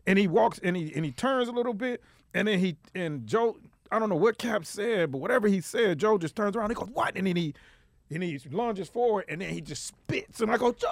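A man's voice: brisk, no echo. A man telling a story in casual podcast chat, acting out quotes with a rising voice, laughing and swearing freely. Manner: animated storytelling, acts out quotes in a high voice. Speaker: guest storyteller.

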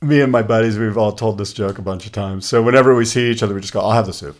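A man co-hosting a casual podcast, telling stories and jokes in an animated way. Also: lowish voice, racing. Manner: animated storyteller, rattles off lists. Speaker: podcast co-host. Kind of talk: casual chat.

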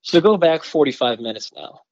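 A man from Michigan, a bowhunter guest on a podcast, tells a story in an excited, rambling way and packs his talk with "like" and "you know". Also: a little high, normal speed, no echo, muffled recording. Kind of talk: casual storytelling in a podcast interview.

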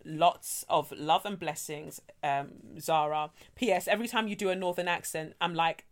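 A woman co-hosting a podcast, reading out a listener's letter and chatting casually, animated and quick to laugh. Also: low-pitched. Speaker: podcast co-host.

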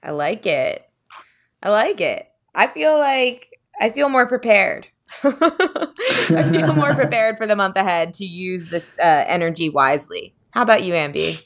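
A woman's voice: mid-range voice, lively intonation, measured pace. A woman hosting a podcast in casual chat, chatty and hesitant with frequent laughs. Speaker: podcast host.

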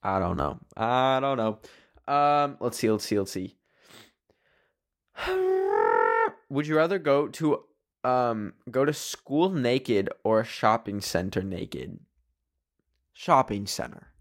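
A man's voice: mid-range voice, animated, takes it slowly, long pauses. Rambling, playful young man. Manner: rambling and playful, heavy filler use. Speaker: solo video creator. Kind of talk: casual chat answering would-you-rather questions.

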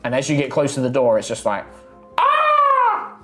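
A man's voice: medium pitch, quick pace, darkish tone, faint music behind. A man narrating a tabletop game as game master, casual and rambling, with lots of fillers.

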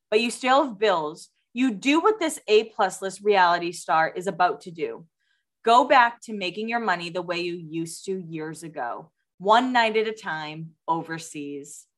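A woman co-hosting a podcast chats casually and laughs a lot. Her voice is mid-range and slightly bright.

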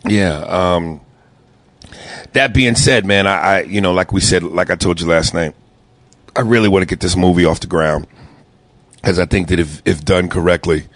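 A man's voice: low voice, normal speed, pauses often, dry recording. A man hosting a casual podcast chat, answering with short agreements and laid-back talk.

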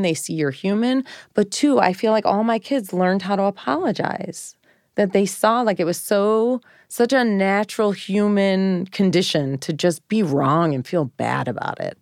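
A woman's voice: medium pitch, moderate pace, clean tone, dry recording, clean studio sound. A middle-aged woman co-hosting a podcast, chatting casually and acting out quotes as she tells parenting stories. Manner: animated storytelling, acts out quotes. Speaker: podcast co-host. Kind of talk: casual chat.

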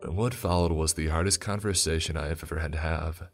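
A man with an extremely low voice narrates a tense first-person story. His delivery is steady and grave. Faint music runs underneath. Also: brisk.

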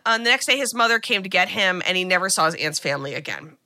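Bright chatty woman recapping a film. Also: mid-range voice, lively intonation, fast. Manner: chatty retelling with many "like"s and restarts. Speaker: podcast co-host.

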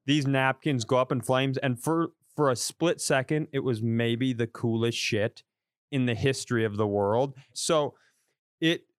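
A man's voice: medium pitch, clean tone, no room sound, studio quality. A man co-hosting a comedy podcast, swearing freely and laughing through his own stories in casual chat. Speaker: podcast co-host.

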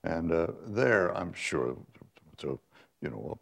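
An older man, a veteran newsman, telling stories in a measured, reflective way with frequent pauses and restarts. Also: low voice, expressive, vocal fry. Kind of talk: reflective conversational storytelling.

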